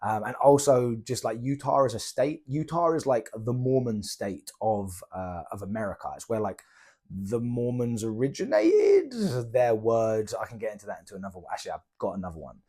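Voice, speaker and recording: A man's voice: on the low side, normal speed, husky. Chatty British guy telling a travel story. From Britain. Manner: chatty, slangy, animated retelling with quoted dialogue. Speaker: travel vlogger. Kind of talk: casual storytelling.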